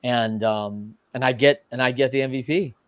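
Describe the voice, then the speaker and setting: A middle-aged man telling a story as a podcast guest, animated and casual, often adding "man" and "right". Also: medium pitch, moderate pace, clear, resonant tone, no room sound, muffled recording. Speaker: podcast guest, coach and entrepreneur. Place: podcast studio.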